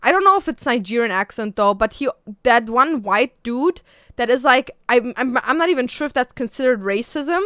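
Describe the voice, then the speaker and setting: Chatty girl on stream, high pitched, lots of like and fillers, no room echo at all. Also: animated, normal speed, pushed and bright, clean studio sound. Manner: rambling, filler-heavy, with many "like"s. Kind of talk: casual stream chat.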